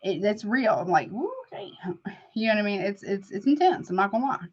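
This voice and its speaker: A woman's voice: mid-range voice, big pitch swings, brisk, slightly rough. A woman tarot reader talks to her live viewers in a loose, chatty way, often calling them honey. Her voice sits in a middle register. The audio is a bit dull and lo-fi. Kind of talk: casual live-stream tarot chat.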